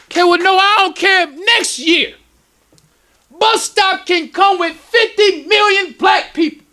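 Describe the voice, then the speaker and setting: A male minister with a very high, piercing voice preaches to his congregation. He talks with strong emotion and climbs into sudden shouts. His tone stays sharp and forceful throughout. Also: a little slow. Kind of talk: preaching lecture. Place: temple lecture hall.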